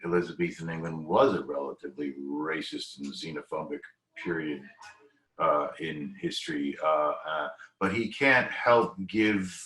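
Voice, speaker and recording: A man's voice: extremely low pitch, normal speed, fairly bright tone. A man in his fifties, an actor on a discussion panel, reflecting thoughtfully and rambling with restarts over a video call. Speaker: actor guest. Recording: echoey room.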